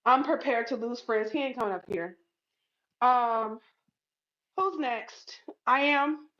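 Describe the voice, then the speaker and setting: A woman's voice: on the high side, slow pace, fairly bright tone. A woman hosting a live audio chat room, defensive and profane, stumbling and repeating herself. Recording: dull lo-fi sound.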